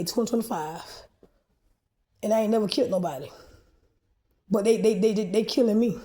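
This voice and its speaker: A woman's voice: a little high, dark tone. A woman filming herself in a rambling, agitated, profane rant. She often restarts and repeats words as she presses her complaints. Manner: agitated, profane, confrontational ranting. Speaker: vlogger posting a video. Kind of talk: rambling monologue to camera.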